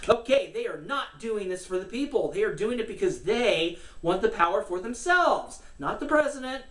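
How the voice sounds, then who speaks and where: A woman's voice: mid-range voice, big pitch swings, normal speed, far from the mic. A woman giving casual, sarcastic political commentary, cursing and laughing as she rants. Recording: roomy echo, from the mic, faint noise.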